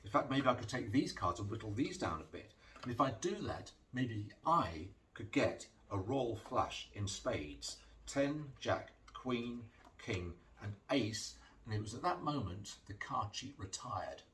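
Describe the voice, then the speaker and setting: A man's voice: lowish voice, sing-song, measured pace, a bit bright, distant mic, a little hiss or hum. A man, a magician talking through card tricks in a chatty storytelling way with dry, self-mocking asides. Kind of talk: patter while performing card tricks. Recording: voice from off the mic, music playing behind.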